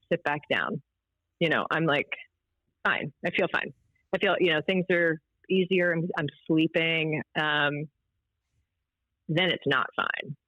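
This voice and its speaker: A woman from Maryland in her forties, a podcast guest telling her story in a candid, animated way. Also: sits low, no echo. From Maryland, USA. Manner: talkative and animated, with frequent restarts and laughter. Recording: dry, slightly dull podcast audio.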